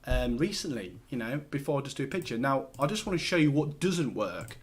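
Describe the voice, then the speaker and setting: A man's voice: medium pitch, sing-song, brisk. A man hosting a casual screen-share tutorial, talking loosely with lots of fillers and restarts as he works. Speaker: host.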